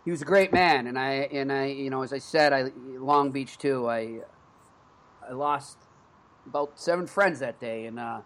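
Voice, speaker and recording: Man, Boston accent, sports podcast host, casual rambling chat, mid-pitched voice. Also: normal speed, fairly bright tone. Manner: rambling, with frequent restarts and fillers.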